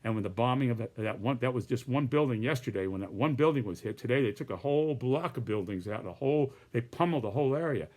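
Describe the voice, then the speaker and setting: A man's voice: mid-range voice, animated, fast, hardly any pauses, a little mellow. A man presenting his political cartoons in casual, rambling commentary with many restarts and hedges.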